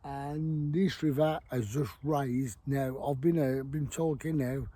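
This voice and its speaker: A man's voice: medium pitch, fairly even intonation, takes it slowly, warm tone. A middle-aged man, telling a rambling fishing story to camera by a river, blunt and free with swearing. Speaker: fishing vlogger. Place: outdoors by a river.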